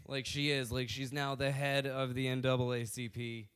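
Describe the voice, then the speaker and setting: A man's voice: medium pitch, little pitch movement, normal speed, fairly bright tone, clear, resonant tone. A man hosting a podcast, recounting a story in casual chat with crude asides. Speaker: podcast host telling a story.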